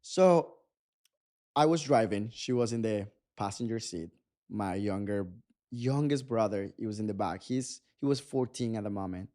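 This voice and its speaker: A man's voice: lowish voice, moderate pace. A man, a guest telling a personal story in a casual interview, acting out what people said. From Mexico. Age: 20s. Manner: animated storytelling, acting out dialogue. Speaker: guest photographer.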